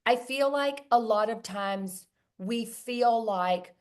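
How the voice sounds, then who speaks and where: A woman's voice: fairly high pitch, takes it slowly. A woman hosting a coaching talk about feelings, speaking emphatically and often repeating key words. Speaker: host.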